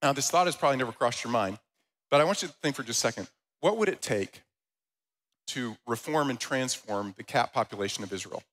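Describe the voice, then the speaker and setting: A man preaching a Sunday sermon as the church's pastor. He tells stories in a lively way and reads scripture aloud. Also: mid-range voice, quick pace, low-quality recording. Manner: animated storytelling with loud, rising quoted voices.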